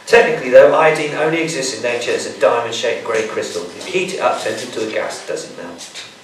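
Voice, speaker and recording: Fairly quick and mid-pitched, a man keeps up playful, joking showman patter while presenting bugs to an audience in a school hall. Background noise and echo come through because the microphone is distant.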